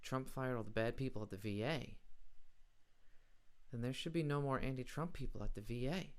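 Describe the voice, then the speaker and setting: A man's voice: medium pitch, a little fast, smooth. A man hosting a late-night comedy show, delivering a sarcastic, mocking monologue.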